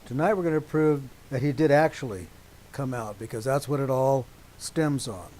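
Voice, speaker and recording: Emphatic preacher man, mellow voice. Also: mid-range voice, poor audio. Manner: deliberate, emphatic, checks agreement with listeners. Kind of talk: teaching sermon to a congregation.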